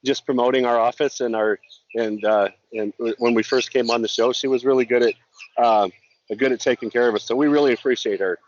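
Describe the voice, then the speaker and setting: Over slightly dull call-in audio with faint noise, a middle-aged guest, a Montana law enforcement officer, chats casually and earnestly, frequently repeating himself. His mid-range voice is steady in tone and fairly quick.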